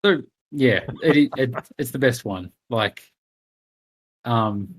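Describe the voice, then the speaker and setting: A man's voice: medium pitch, slow pace, husky. A man co-hosting a casual film podcast, talking hesitantly and often trailing off with "I don't know". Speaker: podcast co-host.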